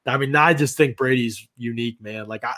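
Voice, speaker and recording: Fast-talking man analyzing football. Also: medium pitch, sharp tone. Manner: quick, conversational, retells stories with acted quotes. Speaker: football analyst, podcast co-host. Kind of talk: casual sports podcast chat.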